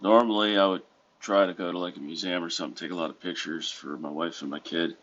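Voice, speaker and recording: A man's voice: sits low, steady tone, fast, fairly bright tone, muffled recording, a little hiss or hum. A tired man from the United States talking casually in a rambling, self-correcting, wry way from a hotel room. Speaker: vlogger. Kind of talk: casual vlog monologue.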